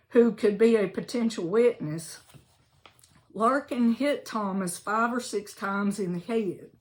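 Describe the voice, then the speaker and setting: A woman's voice: medium pitch, darkish tone. A woman, reading a local history book aloud in a chatty way, with asides and self-corrections. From Alabama, US.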